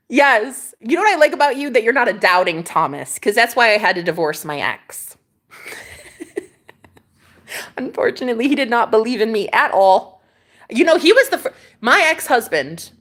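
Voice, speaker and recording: A woman's voice: mid-range voice, fairly bright tone. Sassy woman ranting to her chat. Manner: sassy, dramatic storytelling, swears freely. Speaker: vlogger talking to live chat. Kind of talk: casual livestream chat.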